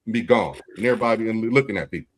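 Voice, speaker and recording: A man's voice: on the low side, animated. A man co-hosting a sports podcast, chatting casually and emphatically about his playing days. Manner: emphatic, affirming, quick asides. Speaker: podcast co-host, former player. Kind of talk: casual chat.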